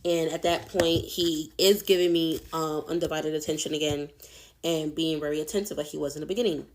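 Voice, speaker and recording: A woman's voice: low voice, fairly even intonation, a little fast. A young adult woman telling a personal story in a casual, candid, chatty way, swearing freely.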